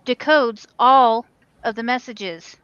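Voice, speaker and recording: A woman's voice: fairly high pitch, takes it slowly, a bit bright, smooth, no room sound. A woman co-hosting a podcast in casual chat, chatty and stumbling a little when reading news aloud, on a dry, dull-sounding mic. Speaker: podcast co-host.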